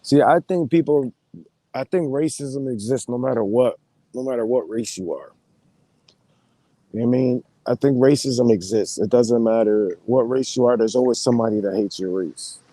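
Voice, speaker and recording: A man live streaming in relaxed, slangy casual chat, greeting his viewers as he talks. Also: mid-range voice, normal speed, no room sound.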